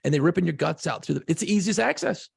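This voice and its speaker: A man co-hosting a podcast, telling a profane, excitable story in casual chat. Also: high voice, quick pace, no room sound, clean studio sound. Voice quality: gravelly, husky voice. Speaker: podcast co-host.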